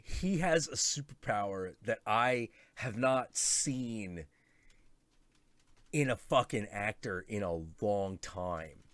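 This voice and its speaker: A man hosting a casual stream chat, excitable and swearing a lot, acting out quotes as he talks. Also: on the low side, takes it slowly, no room sound. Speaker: host.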